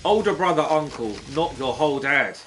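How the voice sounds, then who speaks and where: A man's voice: a little high, animated, moderate pace, a bit bright, slight background noise. A man in his thirties, a gaming streamer rambling through a gossipy story and teasing his chat. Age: 30s.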